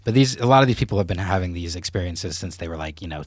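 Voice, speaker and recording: Man, 30s, low voice, dry close sound, relaxed slangy co-host who works as a tarot reader. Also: quick pace, dry recording. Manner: laid-back, slangy, heartfelt, lots of "like" and "bro". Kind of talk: casual podcast chat.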